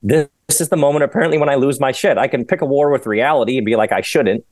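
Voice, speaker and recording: A man talking as a podcast guest, rambling and animated, often laughing as he goes. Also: mid-range voice, rapid-fire, no echo. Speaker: author and guest. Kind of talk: casual podcast conversation.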